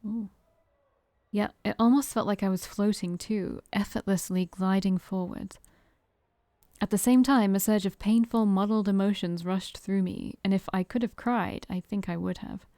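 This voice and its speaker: A woman's voice: medium pitch, steady tone, moderate pace, warm tone, dry recording, studio quality. A woman playing a visual novel on stream, reading its narration aloud and breaking off to joke and laugh at it. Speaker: game streamer.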